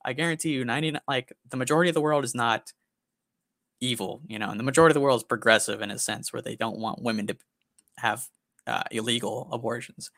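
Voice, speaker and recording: A man's voice: medium pitch, fast talker, fairly bright tone, no echo, studio quality. A young man co-hosting a podcast, telling a story in a blunt, profane, rambling way. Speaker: podcast co-host. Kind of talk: casual storytelling chat.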